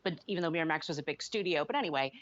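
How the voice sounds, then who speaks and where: A woman co-hosting a podcast, chatting casually about a film with quick opinionated asides. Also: sits low, animated, a bit bright. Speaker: podcast co-host. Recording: slightly muffled dull podcast mic.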